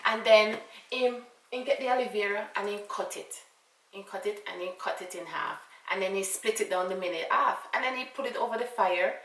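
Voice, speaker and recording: A Jamaican woman tells a casual storytime, animated and full of asides. Her tone is bright and clear. The room is echoey and she sits a little away from the mic. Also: medium pitch, brisk, recorded from a distance. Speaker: vlogger.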